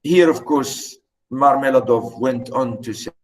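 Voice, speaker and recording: A man's voice: medium pitch, unhurried, a little mellow, rough recording. A man lecturing on a novel, explaining passages and repeating his points with many fillers. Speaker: literature lecturer.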